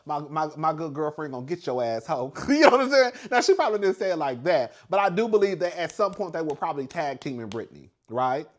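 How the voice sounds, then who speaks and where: Sassy animated man recapping reality TV. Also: high voice. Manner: animated, sassy, frequent laughs and swearing. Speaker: reality TV commentator.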